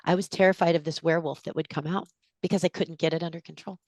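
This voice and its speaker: A woman in her forties, a guest in an interview, telling a personal story in an animated way and acting out what people said. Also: sits low, quick pace, no room sound. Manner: animated storyteller, acts out quotes with gasps.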